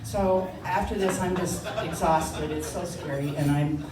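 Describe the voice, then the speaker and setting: Older lady spinning a funny story, lowish voice, echoey room, mic far off. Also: a little slow, a crowd in the background. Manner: animated, laughs while telling, acts out voices. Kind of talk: personal storytelling.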